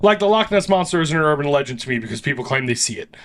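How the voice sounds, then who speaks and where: A man hosting a podcast, his voice sitting a touch high. He retells an urban legend in loose, animated chat, swearing and laughing often. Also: racing. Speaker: podcast host. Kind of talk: casual storytelling chat.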